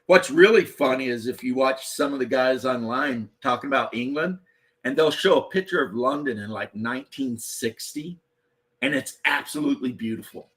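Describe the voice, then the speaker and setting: Man, podcast host, rambling, swears freely, husky tone. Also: medium pitch, fairly bright tone. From Eastern Kentucky, USA. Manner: rambling, profane, blunt. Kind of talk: casual chat.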